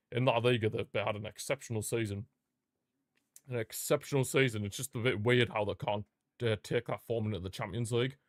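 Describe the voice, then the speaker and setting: Young man, casual football watchalong chat, excitable reactions, mid pitch, dry close sound. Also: dry recording. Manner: chatty, reacts aloud, laughs and exclaims at the match. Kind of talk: live watchalong commentary.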